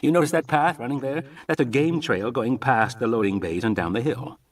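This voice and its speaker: Man reading as a measured, lecturing mathematician. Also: medium pitch, distant mic, close to an everyday voice. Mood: explaining. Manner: measured, explanatory.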